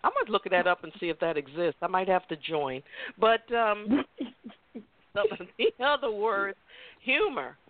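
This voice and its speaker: Lively woman host telling a funny story, laughing a lot, thin phone-line sound. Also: mid-range voice, unhurried, no room sound. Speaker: talk show host. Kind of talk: casual chat. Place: Maryland. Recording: tinny dry phone line.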